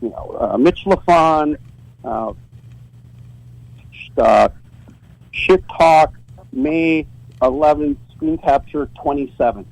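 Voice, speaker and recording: A man's voice: on the high side, slow, vocal fry, pauses often, darkish tone, dry recording, rough recording. A man telling a story as a guest on a podcast, casual and profane, often stumbling and repeating words as he starts a sentence.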